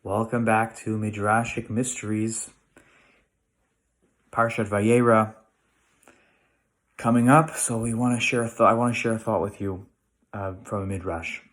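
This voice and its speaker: A man's voice: fairly low pitch, fairly even intonation, measured pace, pauses often, a bit bright. Conversational American man teaching Torah. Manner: conversational, thinking aloud with restarts and rhetorical questions. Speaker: rabbi teaching weekly Torah lesson. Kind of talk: casual Torah lesson to camera.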